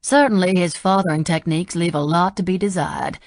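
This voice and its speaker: A woman's voice: on the low side, fairly quick, no room sound, studio quality, natural voice. A woman voicing a frank middle-aged housekeeper with a slight Southern accent.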